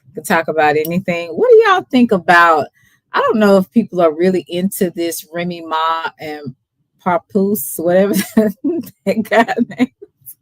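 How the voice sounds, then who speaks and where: A woman's voice: on the low side, big pitch swings, measured pace, dry recording. A woman with a Texas accent hosting a casual live stream, a little tipsy, laid-back and laughing often as she greets viewers by name. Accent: Texan.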